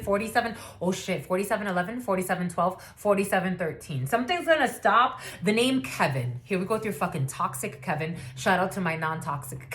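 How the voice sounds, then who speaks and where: A woman's voice: mid-range voice, fairly bright tone. A woman in her thirties giving a casual spiritual reading in a blunt, profane way, with laughing asides. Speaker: spiritual reader.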